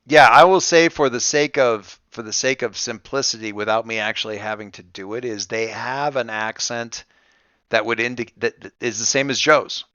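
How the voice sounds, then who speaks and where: A man runs a tabletop game in a bright, crisp voice. He thinks out loud and stops and restarts often. The sound is dry and close. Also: mid-range voice, no room sound, muffled recording. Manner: halting, with many restarts and fillers. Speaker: game master.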